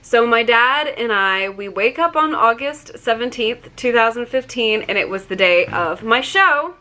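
A woman's voice: fairly high pitch, expressive, measured pace, pushed and bright. A young woman vlogger telling a personal story in a chatty, emotional way, full of "like" fillers. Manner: chatty, many "like" fillers, gets choked up.

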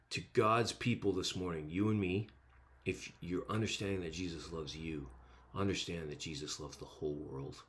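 Male pastor, very low voice, emphatic sermon delivery with repetition. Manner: emphatic, repeats words for stress.

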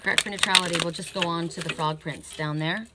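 A woman's voice: fairly low pitch, fairly even intonation, fast, heavy background noise. Rambling woman giving an oracle card reading. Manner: rambling, searching aloud, often tags "right?". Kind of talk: casual tarot-style card reading.

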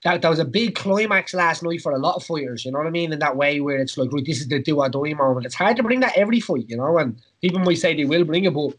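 A man's voice: a little high, fast talker, hardly any pauses, fairly bright tone, slightly rough. An Irish man hosting a podcast in casual chat, rambling with many fillers and frequent laughs. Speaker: podcast host, former fighter.

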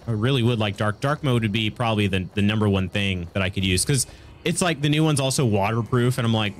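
A man with a fairly low voice streams a video game, talking at a quick pace through a congested, stuffy nose, with a little hiss or hum in the audio. He chats casually, reacts to his chat and laughs often with viewers.

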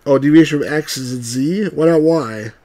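A man's voice: fairly high pitch, normal speed, warm tone. A man hosting a let's-play of old computer games, reading the on-screen text aloud and tossing in wry, grumbling remarks. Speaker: game reviewer and channel host.

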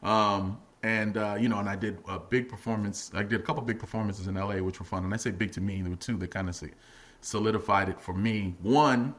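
A middle-aged man and comedian, a guest on a podcast, telling stories in a loose, chatty way and breaking into laughs as he goes. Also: a little fast. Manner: animated, acts out quotes in a much higher voice, laughs often. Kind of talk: casual podcast interview storytelling.

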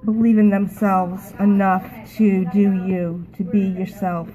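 A woman talking to a phone camera in an emotional, halting way, often repeating herself. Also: mid-range voice, level tone, mellow, poor audio. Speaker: network marketing team member. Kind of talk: emotional casual talk to camera.

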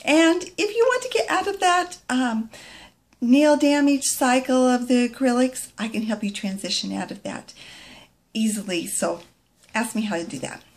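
A middle-aged woman, a nail product consultant, giving a chatty product demo and dropping into soft asides. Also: a little high, moderate pace.

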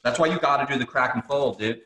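A man's voice: mid-range voice, fast talker, bright, forceful tone, roomy sound, slight background noise. A man on a gaming podcast, groaning and joking through a spicy chip challenge. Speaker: podcast host. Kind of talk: casual group chat.

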